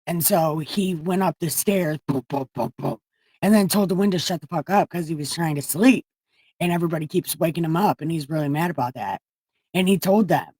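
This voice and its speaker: A woman's voice: lowish voice, moderate pace, mellow, husky, no echo. Profane rambling woman livestreamer. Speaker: livestream host. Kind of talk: irreverent casual Bible retelling. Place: room at home.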